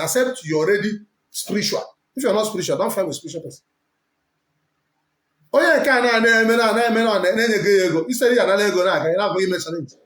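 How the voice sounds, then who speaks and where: A man with a Nigerian accent preaching forcefully as a prophet, switching between English, Pidgin and Igbo. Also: high voice. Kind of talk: preaching to camera. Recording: echoey room.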